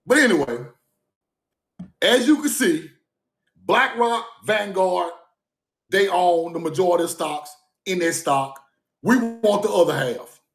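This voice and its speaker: On a livestream, a man speaks off the cuff in a high voice with lively intonation and a measured pace, pausing often. He is emphatic and repetitive and frequently breaks into laughter; the phone or streaming mic gives a roomy sound.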